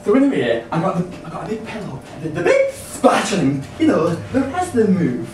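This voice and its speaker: A performer playing an excitable young man who tells a rude tale while giggling and shrieking. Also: medium pitch, fairly quick, far from the mic. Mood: giggly. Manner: giggling, shrieking, breathless storytelling. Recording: echoey room from afar, hissy.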